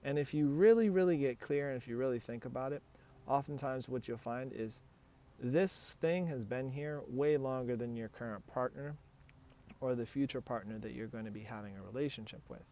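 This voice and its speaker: A man's voice: medium pitch, normal speed, dark tone. A man with a mid-range voice talks straight to the listener as a relationship coach. His delivery is earnest and encouraging, and he often acts out short example conversations. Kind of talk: direct advice talk.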